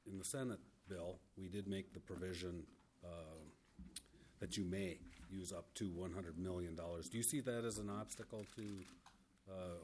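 A man, a senator chairing a committee hearing and questioning a witness. He speaks haltingly, with many filler words. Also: low-pitched, a little mellow, a little hiss or hum.

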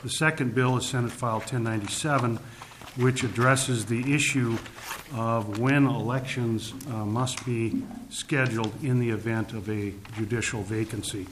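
A man giving formal testimony to a legislative committee, speaking deliberately and emphatically, stressing key words, with frequent "uh" fillers. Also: medium pitch, steady tone, background noise.

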